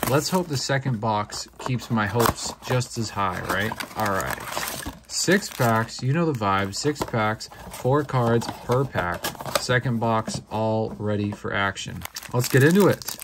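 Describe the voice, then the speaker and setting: A young man chats through a card unboxing in a relaxed, slangy way. His voice sits at an ordinary middle pitch, and he breaks into quick excited reactions now and then. Packs crinkle behind him as he talks. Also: noisy background. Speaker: card-opening channel host. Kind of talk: casual unboxing commentary.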